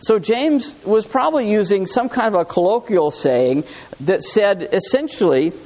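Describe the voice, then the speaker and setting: A man preaching a sermon in a conversational, animated way, reading scripture aloud and talking it through with his listeners. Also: sits high, muffled recording. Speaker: pastor.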